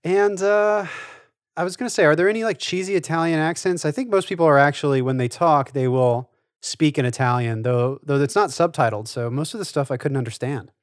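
A man's voice: a little high, fairly quick, no echo, clean studio sound. A man co-hosting a podcast, thinking aloud in rambling casual chat. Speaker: podcast co-host.

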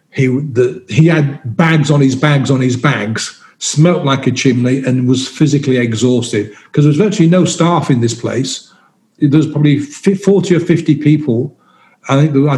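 A man's voice: medium pitch, moderate pace, a little mellow. A man in his sixties, a guest telling a personal story in candid, self-deprecating conversation, often restarting his sentences.

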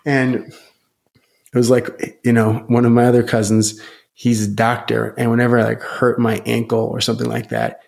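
Gravelly-voiced enthusiastic man. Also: medium pitch, monotone, a little fast, a little mellow. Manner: enthusiastic, rambling with many fillers. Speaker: podcast guest. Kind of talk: casual podcast conversation.

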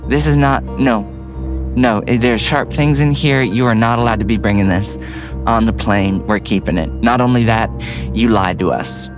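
A woman's voice: extremely low pitch, normal speed, over music. A man voicing a stern older woman working as an airport security guard, curt and condescending. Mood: scolding.

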